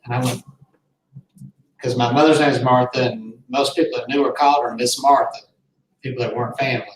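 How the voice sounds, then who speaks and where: A man's voice: medium pitch, steady tone, brisk. A man, telling a personal story to a host in an earnest, rambling, heartfelt way. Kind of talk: casual storytelling. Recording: roomy, distant mic, faint noise.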